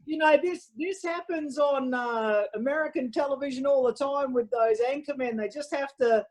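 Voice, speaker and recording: Woman host, from Australia, mellow voice, rambling casual chat for a wine stream. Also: high-pitched, moderate pace, low-quality recording. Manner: chatty, rambling with many fillers.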